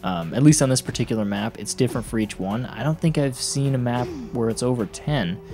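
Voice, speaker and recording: A man's voice: mid-range voice, brisk, darkish tone. A young man giving casual gameplay commentary, rambling, blunt and mocking, laughing often. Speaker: gaming commentator. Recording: music playing behind voice.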